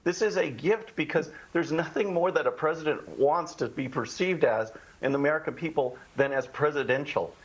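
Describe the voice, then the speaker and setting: A man's voice: a little high, normal speed, hardly any pauses, breathy edge, low-quality recording. A man giving emphatic political commentary as a guest on a live TV news show. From Texas.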